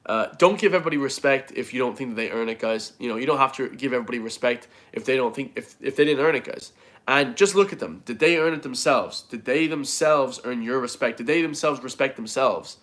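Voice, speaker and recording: A man's voice: medium pitch, a little fast, a bit bright. A man gives a casual motivational rant to his viewers. He is blunt and swears freely, and he keeps throwing in "guys" and "bro" as he talks. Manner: blunt, swears a lot, says "guys" constantly. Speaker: fitness vlogger.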